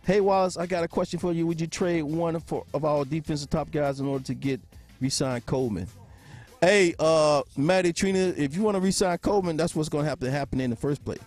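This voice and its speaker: A man's voice: a little high, brisk, a little mellow, soft background music. A man hosting a casual sports podcast, joking, laughing often and greeting viewers by name. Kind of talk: casual live-stream chat with viewers.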